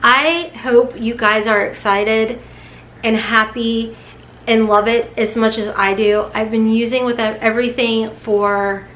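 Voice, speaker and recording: A woman's voice: a little high, fairly even intonation, takes it slowly, fairly bright tone, a little hiss or hum. A woman vlogger, chatting casually to the camera in a rambling, emotional way, nervous and close to tears. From Kentucky, USA. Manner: rambling, emotional, talks in bursts with restarts. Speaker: beauty vlogger. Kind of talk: casual unboxing vlog chat.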